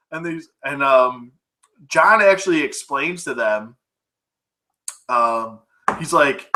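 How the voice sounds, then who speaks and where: Male film reviewer, casual and rambly, swears and laughs a lot, crisp bright tone. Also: a little high, slow pace. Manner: rambling, laughing, profane, full of fillers. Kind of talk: casual movie recap.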